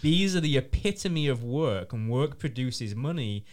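A man hosting a casual show, chatty and playful, with quick asides. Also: mid-range voice, animated, a little mellow. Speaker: podcast host. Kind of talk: casual chat.

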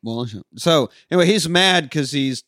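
A man co-hosting a podcast, casually retelling a film in an animated way, with frequent swearing. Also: on the high side, normal speed, no echo, studio quality. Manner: animated, profane storytelling. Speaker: podcast co-host.

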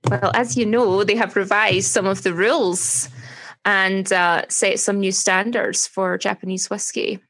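A Scottish woman co-hosting a podcast, friendly and lightly teasing, reading promos smoothly. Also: mid-range voice, steady tone, a little slow, fairly bright tone. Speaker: podcast co-host. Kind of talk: casual chat.

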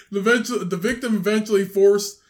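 A man co-hosting a crude casual podcast, laughing often and reading a news story aloud. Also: sits high. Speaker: podcast co-host.

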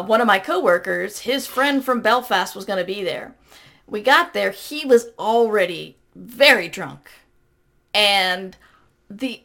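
A woman's voice: medium pitch, vocal fry, a bit bright. A woman with a Southern American accent, co-hosting a casual podcast and telling chatty stories, often correcting herself mid-sentence. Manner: chatty, self-correcting anecdotes. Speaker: podcast co-host. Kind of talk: casual chat.

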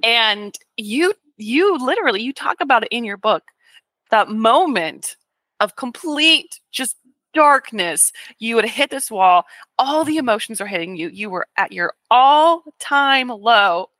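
A woman with a bright, clear voice hosts an interview, gently prompting her guest and affirming each point. Her voice sits close and dry on the mic, with no room sound. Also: a little high, animated, measured pace, no echo. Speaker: podcast host. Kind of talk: interview conversation.

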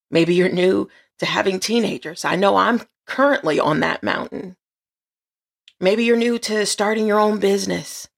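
A woman's voice: mid-range voice, vocal fry, breathy edge. A woman hosting a faith podcast, giving an earnest, encouraging talk and often repeating phrases. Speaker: podcast host.

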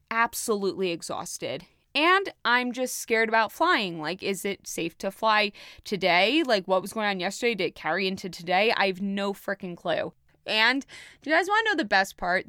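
A woman's voice: medium pitch, lively intonation, normal speed, sharp tone, no room sound, clean studio sound. A young woman hosting a podcast, telling a personal story in a frank, emotional way with casual swearing. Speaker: podcast host.

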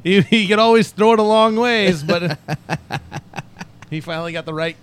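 A man's voice: high voice, moderate pace, smooth. A man co-hosting a casual chat, joking and laughing often. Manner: laughs a lot, jokey, animated. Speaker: podcast co-host.

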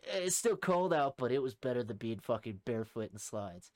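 A man's voice: medium pitch, big pitch swings, normal speed, darkish tone, no room sound, studio quality. A young man, a podcast co-host and former Army private, telling a story in a casual, profane, rambling way and laughing through it.

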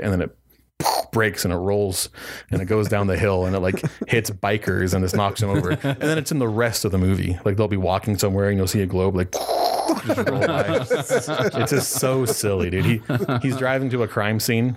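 Low-voiced man rambling about films. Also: fairly quick. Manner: rambling, laughs while telling jokes. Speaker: podcast co-host. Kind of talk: casual chat.

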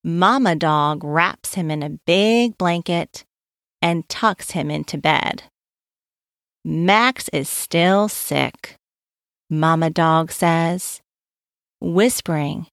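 A woman reading a children's story aloud in a gentle way, pausing to ask the listening child questions. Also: low voice, no echo, studio quality.

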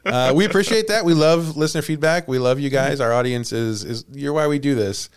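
A man's voice: medium pitch, a little fast, smooth. A man hosting a comedy podcast, telling a story in playful casual chat and laughing often. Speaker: podcast host.

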